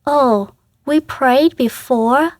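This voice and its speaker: A woman from Vietnam, a Catholic sister, speaking in a halting, earnest way and laughing softly between phrases as an interview guest. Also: sits high, no room sound. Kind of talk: casual interview.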